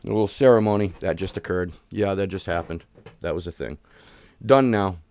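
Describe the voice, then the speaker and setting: A man's voice: low-pitched, brisk, darkish tone, dull audio. A man in his thirties hosting a live card-breaking stream, chatting casually and hyping up the pulls. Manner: chatty, rambling, hypes up the pulls.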